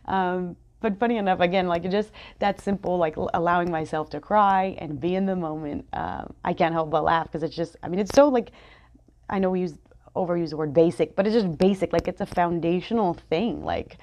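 Gravelly low-voiced woman, candid and rambling. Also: fairly quick, darkish tone. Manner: candid, rambling, many fillers and self-corrections. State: just finished crying. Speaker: podcast host. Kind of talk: personal reflective monologue. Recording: dull lo-fi sound.

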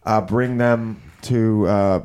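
A man's voice: lowish voice, fairly even intonation, takes it slowly, darkish tone, clear, resonant tone. A man co-hosting a podcast, talking casually in a rambling way, swearing and laughing often. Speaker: podcast co-host.

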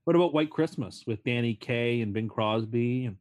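A man's voice: mid-range voice, normal speed, a little mellow. A man co-hosting a casual podcast, earnestly and stubbornly defending his opinions. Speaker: podcast co-host.

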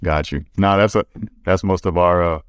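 A man's voice: sits low, fairly even intonation, moderate pace, smooth, dry recording, studio quality. A man hosting a casual interview, laid-back and slangy, reacting with short remarks. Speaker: podcast host, interviewer.

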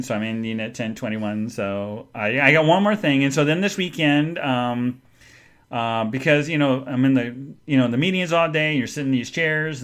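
A man hosts his podcast in a bright, mid-pitched voice, rambling through a story in casual chat. He acts out the people he met, jumping high and loud for their lines before dropping back to a relaxed telling. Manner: animated, acts out quoted people with big jumps in pitch and loudness. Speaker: podcast host.

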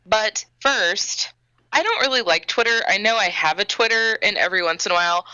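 A woman co-hosting a movie podcast, chatty and full of fillers, a bit hoarse from losing her voice. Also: medium pitch, expressive, a little fast, pushed and bright, no room sound, dull audio. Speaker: podcast co-host. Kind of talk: casual chat.

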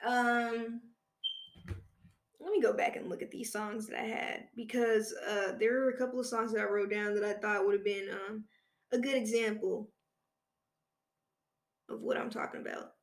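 A woman's voice: a little high, little pitch movement, normal speed, long pauses, reverberant. A woman podcast host chatting casually, rambling and correcting herself, with the odd swear word. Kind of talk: casual solo chat.

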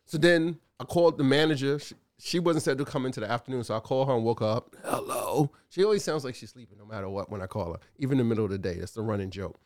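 A man co-hosting a casual talk show, telling animated stories with lots of fillers and acted-out quotes. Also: mid-range voice, very fast, few pauses. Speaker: co-host, store owner. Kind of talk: casual chat.

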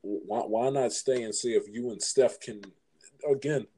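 A man hosting a casual sports chat, halting and repeating words as he asks his guest for opinions. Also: medium pitch, warm tone, husky, poor audio. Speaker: host.

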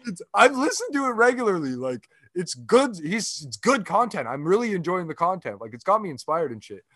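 A man's voice: high voice, sing-song, brisk, a bit bright, dry recording, studio quality. Laughing man joking on a podcast. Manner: laughing, crude joking, many "like" fillers. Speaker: podcast co-host. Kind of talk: casual comedy podcast banter.

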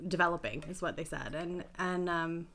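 Middle-aged female guest, low bright voice, rambling and self-deprecating storyteller. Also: normal speed. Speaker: podcast guest, health and life coach. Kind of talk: casual interview storytelling.

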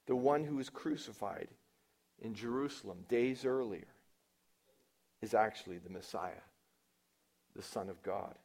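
Slow-preaching man, swinging loud to hushed. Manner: preaching with wide swings from loud emphatic lines to low quiet asides; asks the congregation questions and acts out quoted lines. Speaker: pastor. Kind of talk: sermon.

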